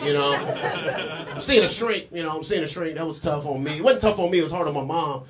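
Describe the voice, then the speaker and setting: A man's voice: a little high, brisk, over a noisy crowd. A male comedian doing a stand-up set on a club stage, rambling loosely with many fillers, laughter behind him. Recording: loud noisy live club recording. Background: audience laughter.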